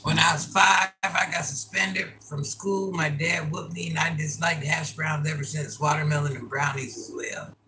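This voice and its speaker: An older woman chatting casually on a live stream, laughing often and breaking into loud exclamations. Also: deep voice, fairly even intonation, moderate pace, hardly any pauses, a little hiss or hum, rough recording. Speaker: livestreamer.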